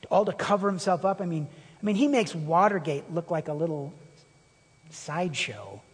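A man preaching a sermon as a pastor, animated and emphatic, with a husky voice. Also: a little high, normal speed. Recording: long reverb of a hall.

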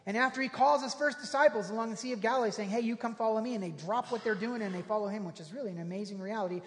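A pastor preaching a sermon in a conversational, emphatic way, with quick asides and rhetorical questions, and reading scripture aloud to a congregation. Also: mid-range voice. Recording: long hall reverb.

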